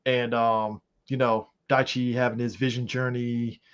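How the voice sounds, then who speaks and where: Animated, profane man on a podcast. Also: mid-range voice, a little slow, clear, resonant tone. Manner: animated, profane, rambling with frequent fillers. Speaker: podcast co-host. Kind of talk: casual chat. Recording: slightly muffled lo-fi audio.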